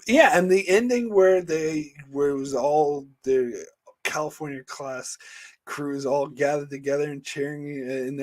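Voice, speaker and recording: A man casually recapping a TV episode, relaxed and agreeable, with fillers along the way. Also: a little high. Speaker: co-host of a TV discussion. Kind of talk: casual chat reviewing a TV episode.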